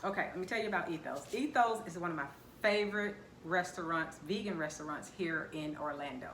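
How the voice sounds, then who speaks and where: A woman hosts a casual eating vlog and keeps firing playful questions at her guest. Her voice is bright and forward. The room adds a noticeable echo and a faint hum. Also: lowish voice, a little fast. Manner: chatty, teasing questions. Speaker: vlogger host. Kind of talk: casual chat during a mukbang.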